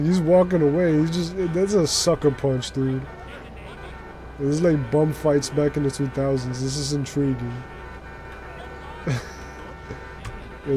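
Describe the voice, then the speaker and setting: A man chats casually as he streams a game, animated and full of fillers. His voice is fairly high for a man but sounds mellow and warm. Soft music sits faintly behind him. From New York City. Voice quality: chatty and animated, heavy use of filler words. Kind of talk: casual live-stream commentary.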